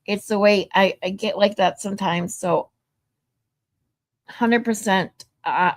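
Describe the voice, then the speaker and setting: A woman hosting a casual livestream, chatting and swearing freely, her voice getting louder when she is irritated. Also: medium pitch, slow, pauses often. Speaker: livestream host.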